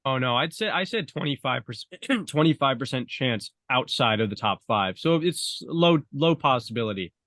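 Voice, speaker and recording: A man of middle pitch joins a podcast by remote call from home, his voice dry and close. He hesitates, restarts his sentences and softens his opinions as he goes. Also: animated, normal speed, hardly any pauses, no room sound. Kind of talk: casual podcast chat.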